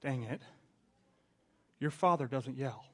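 A man, a pastor in his thirties, preaching a sermon in a conversational way, stumbling over restarts and swinging from hushed asides to loud outbursts. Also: mid-range voice, takes it slowly.

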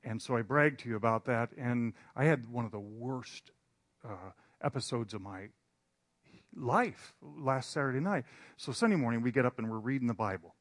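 A man's voice: medium pitch, moderate pace, dry recording. Rambling, self-deprecating preacher man. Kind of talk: storytelling sermon.

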